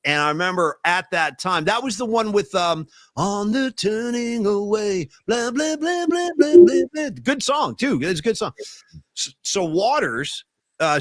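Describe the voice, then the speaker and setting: A man, hosting a casual podcast chat, emphatic and animated. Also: fairly high pitch, no echo, clean studio sound. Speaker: podcast host.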